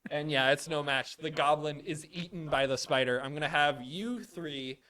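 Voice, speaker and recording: A young man running a live tabletop game as dungeon master, narrating with animated storytelling. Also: fairly high pitch, moderate pace. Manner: animated storytelling with sudden loud character outbursts.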